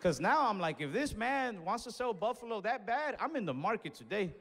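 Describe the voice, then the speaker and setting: Animated stand-up comic man, big hall. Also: high voice, brisk, vocal fry, background noise. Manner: animated, acts out both sides of the story. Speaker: stand-up comedian. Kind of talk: stand-up comedy storytelling. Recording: live show with long hall reverb.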